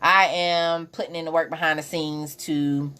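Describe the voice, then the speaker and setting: A woman's voice: sits low, steady tone, moderate pace, pushed and bright, clear, resonant tone. Blunt, candid woman live-streaming. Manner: candid, conversational, reads and answers viewer comments; blunt, uses slang and profanity freely. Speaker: podcast host. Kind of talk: casual live-stream commentary.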